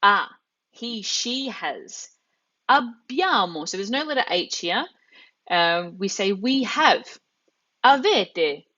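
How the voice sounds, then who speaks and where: A woman's voice: mid-range voice, lively intonation, takes it slowly, sharp tone, lo-fi sound. A woman teaching an online language class live, patiently explaining step by step with examples. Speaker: Italian teacher.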